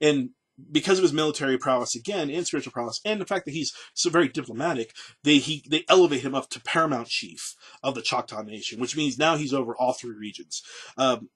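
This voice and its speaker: A man with a bright, slightly husky voice tells history in a casual, conversational way. He presents a daily segment and talks loosely, with many fillers and restarts. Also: medium pitch. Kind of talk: casual spoken history talk.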